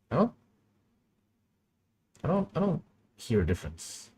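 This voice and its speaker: A man's voice: mid-range voice, wildly swooping pitch, unhurried, long pauses, darkish tone, husky. A young man streaming while he works on a computer, thinking aloud in a casual, muttering way. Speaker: streamer animating live. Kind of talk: casual live-stream commentary.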